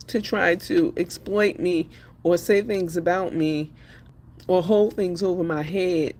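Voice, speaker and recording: A woman speaking emphatically and defiantly on a live stream while crying. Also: on the low side. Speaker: livestreamer. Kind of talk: emotional live stream talk.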